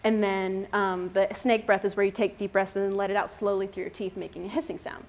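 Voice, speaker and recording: Young woman, casual talk to a moms' group, chatty with frequent laughs, mid pitch. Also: flat delivery, a little fast. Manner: chatty, laughs often, many fillers. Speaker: speaker at a mothers' group.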